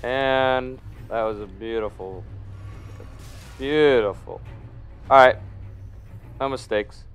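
A man's voice: mid-range voice, slow pace, clear, resonant tone, soft background music. A man giving gameplay commentary, muttering in frustration and mocking himself, sleepy. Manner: self-deprecating, frustrated muttering. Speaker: gamer.

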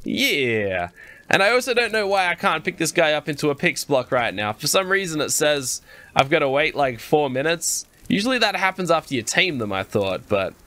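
In brisk, excitable Let's Play commentary, a young Australian gaming YouTuber chats straight to his audience. His pitch runs on the high side, and the recording is dry.

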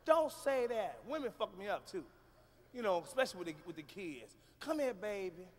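A man doing a loud, profane, animated stand-up comedy routine on a live stage. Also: high voice, brisk.

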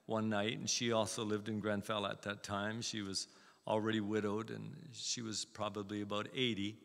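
Older male guest preacher, bright gravelly tone, folksy storyteller, echoing church with faint music behind. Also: on the low side, flat delivery, normal speed. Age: 70s. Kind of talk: anecdotal sermon. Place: church sanctuary.

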